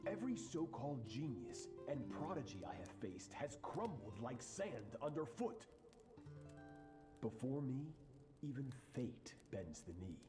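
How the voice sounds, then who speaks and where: A ruthless warrior master in a game, cold and commanding. He talks slowly with a lively rise and fall in pitch, and a clear music bed runs under the game audio. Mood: cold stern.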